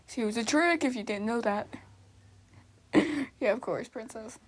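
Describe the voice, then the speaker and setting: A woman doing casual improvised fan role-play, flustered and giggly, stammering and dropping into breathy whispers. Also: a little high, unhurried.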